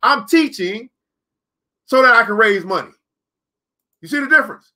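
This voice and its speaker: A man's voice: extremely high pitch, expressive, normal speed, bright, forceful tone. A man hosting a live online class, talking casually and preachily, reading out viewer comments. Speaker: host of a live crypto trading class stream. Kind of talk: casual live-stream talk.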